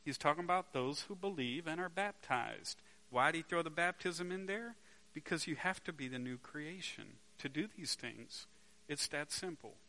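A man's voice: on the high side, expressive, moderate pace, pushed and bright. A man preaching a sermon to a congregation in a conversational way, asking them rhetorical questions and restarting words as he searches for them.

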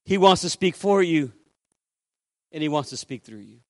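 A man's voice: a little high, lively intonation, moderate pace, dry recording, clean studio sound. A male pastor preaching a sermon, telling a story and acting out the dialogue in changing voices. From Puerto Rico. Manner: acts out dialogue with shifting voices.

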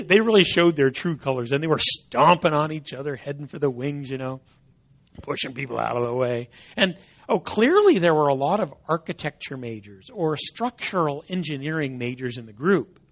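Husky guy telling a funny story, voice going up and down a lot, muffled lo-fi audio. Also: fairly high pitch. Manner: animated, repeats words as he goes. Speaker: Christian apologist speaker. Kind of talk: humorous storytelling talk. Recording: dull lo-fi recording.

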